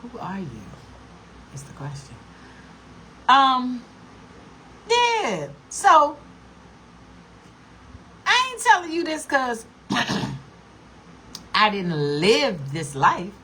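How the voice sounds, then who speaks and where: Blunt, bright-voiced woman ranting. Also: on the high side, huge pitch swings, very slow, long pauses, slight background noise. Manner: blunt, profane, scolding. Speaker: vlogger. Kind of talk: casual rant to camera.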